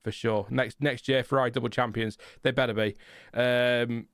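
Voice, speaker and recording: A man's voice: medium pitch, flat delivery, moderate pace, fairly bright tone, clear, resonant tone, no echo, clean studio sound. A man hosting a casual live watchalong, rambling and chatty with lots of fillers and laughs. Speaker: livestream host.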